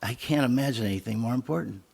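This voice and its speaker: A man's voice: medium pitch, fast talker, creaky, darkish tone, breathy edge. A man on a city council speaking with emotion and passion at a public meeting. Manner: emotional, impassioned.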